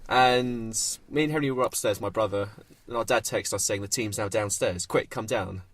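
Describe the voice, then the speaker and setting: A young man who is a guest on a casual radio show. He tells stories in a lively way and chuckles through them. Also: fairly low pitch, moderate pace. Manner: lively anecdote teller, chuckling. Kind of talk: casual storytelling.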